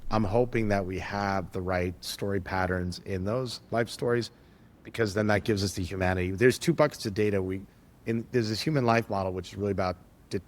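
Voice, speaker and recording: A man, a tech entrepreneur, speaking as a podcast guest, telling stories with lively acted-out quotes and frequent restarts. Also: low voice. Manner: animated, acts out quoted dialogue, frequent restarts. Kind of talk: conversational storytelling.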